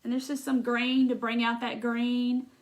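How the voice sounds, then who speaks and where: A woman with a Southern accent chats through a live crafting session. Her voice sits a little high, and her talk is folksy and loose, full of asides and small laughs. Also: flat delivery, a little slow. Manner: chatty, folksy, laughs often, thinks aloud. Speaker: craft livestream host. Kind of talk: casual chat while crafting.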